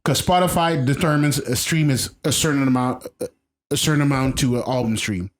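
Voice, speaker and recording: A man's voice: medium pitch, brisk. A man co-hosting a casual podcast, talking emphatically, repeating himself and restarting sentences. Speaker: podcast co-host. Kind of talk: casual chat.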